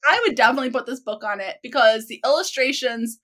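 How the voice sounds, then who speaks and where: A woman's voice: fairly high pitch, quick pace, a bit bright, low-quality recording. A woman hosting a podcast, chatting enthusiastically about books and laughing often. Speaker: podcast host. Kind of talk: casual book chat.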